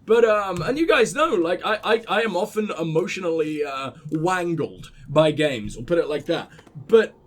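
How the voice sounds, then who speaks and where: A man's voice: a little high, lively intonation, normal speed. A man hosting a video game let's play, rambling and swearing as he gushes about the game, tired after a late night. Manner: profane, gushing, rambling.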